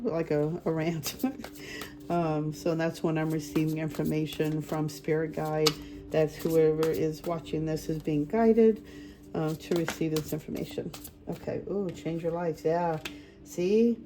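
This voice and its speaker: A woman's voice: low-pitched, warm tone. A woman doing a group card reading as a spiritual medium, talking casually and rambling with many fillers and restarts.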